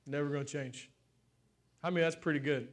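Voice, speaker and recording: Male pastor, high voice, heartfelt sermon delivery that swings between fervent and soft. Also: steady tone, brisk. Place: church stage with congregation.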